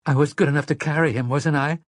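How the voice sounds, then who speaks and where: A man's voice: fairly high pitch, steady tone, fast, dry recording, studio quality, pitched above the performer's own voice, lightly acted. A man doing a bitter, defiant woman.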